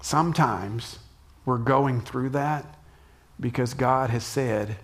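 A middle-aged man giving a conversational sermon as a pastor, dropping soft and low for emphasis and jumping up for acted shouts. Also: slow pace.

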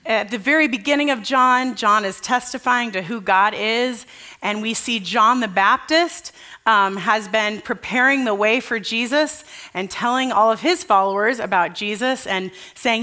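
Bright-voiced woman pastor preaching. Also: fairly high pitch, moderate pace. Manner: earnest, casual, asks the congregation questions. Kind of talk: conversational sermon. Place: church service.

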